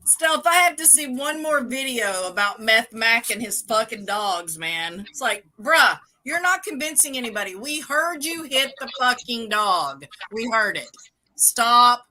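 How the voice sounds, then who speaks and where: A woman's voice: fairly high pitch, sing-song, a little slow, pushed and bright. A woman co-hosting a live stream, brash, teasing and swearing freely. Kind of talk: casual live-stream chat.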